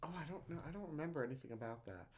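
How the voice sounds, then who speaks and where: A man co-hosting a podcast in casual chat, agreeing often and pausing to find his words. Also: a little high, lively intonation. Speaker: podcast co-host.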